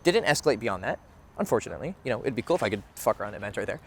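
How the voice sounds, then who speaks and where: A man's voice: lowish voice, sing-song, very fast, creaky, slightly rough. A young man, a dating coach, talking candidly to camera outdoors in a casual, conversational way, swearing freely. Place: outdoors near a bench.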